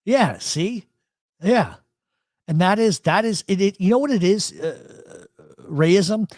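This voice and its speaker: This man's voice is high-pitched, slow and expressive, with a darkish tone and no echo. Hosting a live talk show, the Rhode Island native curses his way through wandering stories in a South Philadelphia accent he picked up over time.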